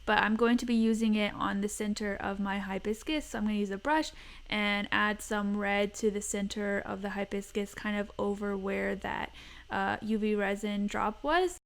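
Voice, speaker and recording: A woman's voice: mid-range voice, steady tone, moderate pace. A young woman hosting a craft tutorial, talking through each step in a chatty, self-deprecating voice-over.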